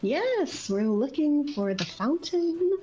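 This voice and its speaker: Woman, tabletop bard player, high voice, lively pitch, short agreeable remarks. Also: slow pace, highs cut off, soft background music. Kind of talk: casual chat at a tabletop game.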